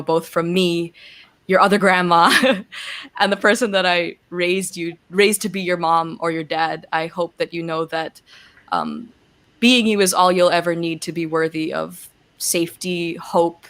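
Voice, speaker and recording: A woman in her twenties, a guest reading a heartfelt letter in an earnest, soft-spoken way over a video call. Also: on the low side, measured pace. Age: 20s. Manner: earnest, soft-spoken, with laughs and gushing emotion. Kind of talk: reading a heartfelt letter, then casual chat.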